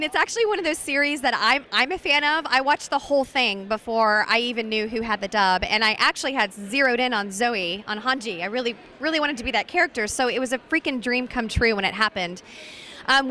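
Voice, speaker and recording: A woman voice actress chatting in a bubbly, animated way during a convention interview. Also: high voice. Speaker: voice actress guest. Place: busy convention floor.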